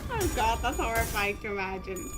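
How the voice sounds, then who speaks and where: A woman's voice: on the high side, brisk. A woman from Germany streaming a video game, chatting and joking playfully, and reading game text aloud. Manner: playful, animated, jokey. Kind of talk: casual gameplay commentary. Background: game music.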